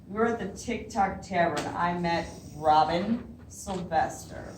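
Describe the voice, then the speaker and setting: Reading her own poetry aloud at a library event, a woman speaks in a lowish, unhurried voice and keeps laughing nervously between lines. The background is noisy, and her voice sounds distant in the spacious hall.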